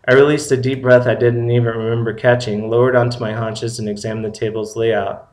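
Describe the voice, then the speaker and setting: A man reading a first-person story aloud in a plain, steady way. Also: medium pitch. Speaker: story reader. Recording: roomy echo.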